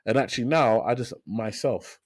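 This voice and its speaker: Energetic man telling his story, dry sound. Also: medium pitch, normal speed, no room sound. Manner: energetic storyteller, repeats phrases for emphasis. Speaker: financial advisor, podcast guest. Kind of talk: casual interview talk.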